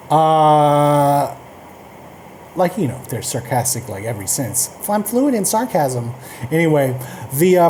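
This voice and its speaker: A man's voice: medium pitch, warm tone, slight background noise. A man teaching a casual coding lesson, reading documentation aloud with loose, chatty asides. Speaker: coding tutorial host.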